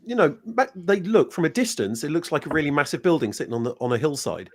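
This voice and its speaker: A man's voice: a little high, lively intonation, fast. A man in a casual livestream chat, explaining things earnestly and in detail.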